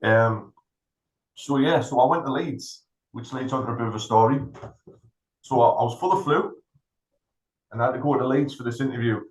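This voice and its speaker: A man's voice: mid-range voice, moderate pace, long pauses. Man telling a story. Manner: animated anecdote-telling, acts out other people's lines. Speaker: podcast co-host, veteran. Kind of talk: casual storytelling. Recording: roomy echo.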